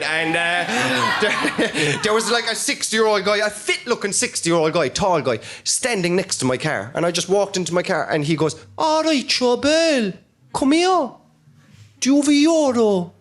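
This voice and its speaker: A man's voice: high voice, a bit bright. A man from Ireland with a Cork accent doing a stand-up set, wry and laughing at his own lines. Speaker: stand-up comedian. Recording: noisy live club recording.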